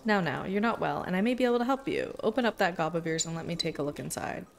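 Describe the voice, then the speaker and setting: A woman reading the lines of a brisk, no-nonsense witch healer in a game, in a teasing, matter-of-fact way. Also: fairly low pitch, lively intonation, creaky, soft background music.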